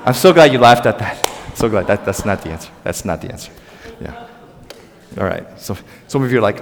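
A man preaching a sermon in a church, conversational and animated, calling on the congregation to answer back. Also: on the low side, a little fast, long reverb tail. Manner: animated, conversational preaching with audience call-and-response. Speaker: pastor. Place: church sanctuary.

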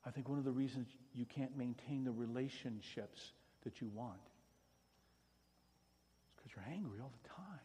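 A pastor giving a sermon, shifting from hushed, pleading passages to loud, emphatic preaching. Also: male voice, mid-range voice, moderate pace, pauses often, in a large hall, a little hiss or hum.

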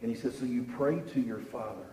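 A man preaching a sermon, telling a Bible story with animated rises and restarts. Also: medium pitch, quick pace, slight background noise. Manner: animated storytelling, repeats words while searching. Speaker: pastor. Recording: echoey room from far off.

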